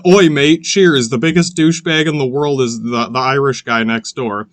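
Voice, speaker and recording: A man's voice: medium pitch, steady tone, moderate pace, dry recording, close to an everyday voice. A man putting on a mouthy British bloke. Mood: mocking.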